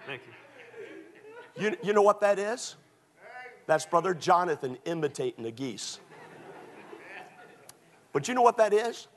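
A man with a high voice preaches from the pulpit as pastor, dropping low and quiet for stories and climbing into loud, shouted calls to his congregation. His delivery swings widely in volume and force. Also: animated, measured pace, long pauses. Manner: builds from low storytelling to shouted exhortation. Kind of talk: sermon.

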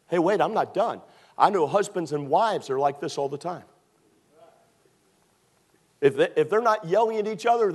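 A man from Maryland preaching from the pulpit. His fairly high voice stays loose and conversational, full of jokes, then swells with emphasis when he presses a point. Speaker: pastor. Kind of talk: sermon.

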